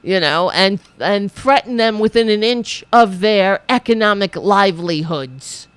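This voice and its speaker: Woman, political host, sarcastic profane rant, very lively pitch, dry close sound. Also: a little slow, smooth, no echo. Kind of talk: angry political rant reading chat.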